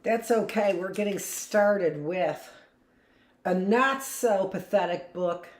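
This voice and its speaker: A woman teacher reading a book aloud live, slowing down for the text and breaking off into chatty asides. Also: mid-range voice. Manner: chatty asides between slow, deliberate reading.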